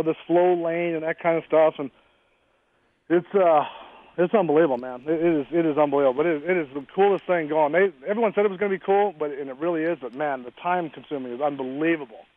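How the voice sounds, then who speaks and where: A man in his forties talks fast and bluntly, with a fiery edge and casual swearing. His voice sits a bit high for a man. He is heard over a thin, tinny phone line. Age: 40s. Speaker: guest. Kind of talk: casual interview chat.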